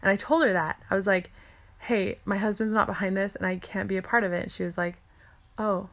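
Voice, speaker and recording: Chatty woman with a gravelly edge. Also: medium pitch, steady tone, a little fast. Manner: chatty, full of "like" and restarts, quotes herself and others. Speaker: stay-at-home mom telling her story. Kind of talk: casual personal storytelling.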